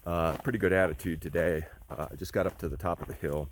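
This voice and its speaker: A man hiking outdoors and talking into his camera, rambling and reflective with lots of pauses and fillers. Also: low-pitched, fairly even intonation, slight background noise. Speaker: long-distance hiker vlogging. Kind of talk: casual spoken trail diary.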